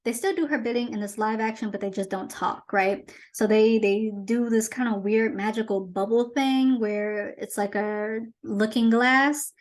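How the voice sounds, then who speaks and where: A woman hosts her own commentary show, speaking in a slightly high voice. She is chatty and animated as she retells a movie in a casual, conversational way. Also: measured pace, few pauses. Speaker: host.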